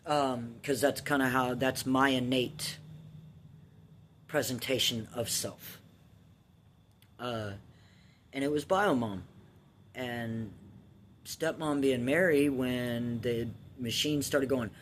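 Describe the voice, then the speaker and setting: A man in his thirties tells his life story in a loose, candid ramble, swearing freely and circling back with plenty of ums. His voice sits at an ordinary middle pitch. A faint background hiss runs under the talk. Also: slow pace. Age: 30s. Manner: candid, rambling, profane, with restarts and filler ums. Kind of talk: casual personal storytelling.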